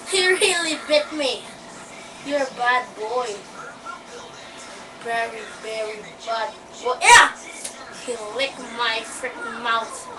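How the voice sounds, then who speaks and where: A woman chatting casually on a home webcam video, scolding her puppy and yelping out loud. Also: high-pitched. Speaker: dog owner. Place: room at home. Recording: echoey, distant, noisy webcam audio.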